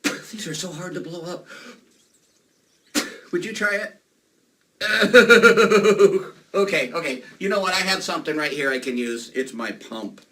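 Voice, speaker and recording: A man performing a children's magic show, playful and animated as he talks to the kids. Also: on the high side, normal speed, long pauses. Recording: distant mic, faint noise.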